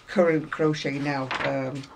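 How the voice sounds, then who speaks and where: A woman's voice: deep voice, fairly even intonation, unhurried, creaky, background noise. A woman chatting casually to viewers about craft magazines, rambling and self-deprecating, a little unwell. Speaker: craft vlogger.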